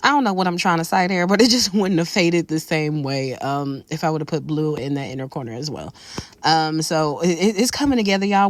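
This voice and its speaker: A woman's voice: fairly low pitch, fairly quick. A woman chatting casually through a makeup tutorial, calling the viewer baby and y'all. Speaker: makeup creator.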